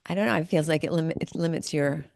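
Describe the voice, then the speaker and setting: Low gravelly woman host, dry sound, reflective and agreeable. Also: fast, a little mellow, no room sound. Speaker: podcast host. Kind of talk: casual interview.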